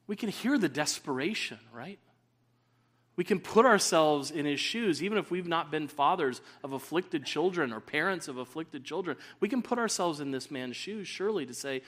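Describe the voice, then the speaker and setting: A man's voice: on the high side, animated, normal speed, a bit bright. Earnest male preacher. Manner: earnest, rising to emphatic stresses. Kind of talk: sermon.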